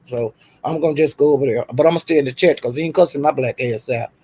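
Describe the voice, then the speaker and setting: A man's voice: mid-range voice, fast talker, mellow, slightly rough. A man hosting a livestream in casual commentary, giving blunt, profane advice. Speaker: livestream host.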